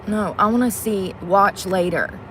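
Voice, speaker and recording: A woman's voice: medium pitch, measured pace, a bit bright, slight background noise. A woman vlogging casually to her viewers, getting frustrated and cursing under her breath as she hunts for a video. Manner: frustrated, muttering and cursing while fiddling with a device. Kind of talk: casual vlog talk to viewers.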